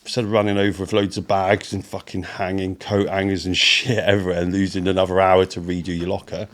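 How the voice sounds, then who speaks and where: A low-pitched man from Britain talks casually as a podcast guest. He tells long stories, swears freely and slips into the voices of the people in them. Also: flat delivery, fast talker. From United Kingdom. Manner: swears often, storytelling, acts out quotes. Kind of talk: casual chat.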